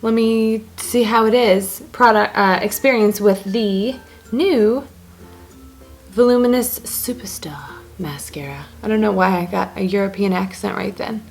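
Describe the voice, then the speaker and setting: A beauty blogger with a medium-pitched voice and vocal fry casually walks through her makeup routine. She narrates each step herself, chatting and tossing in joking asides.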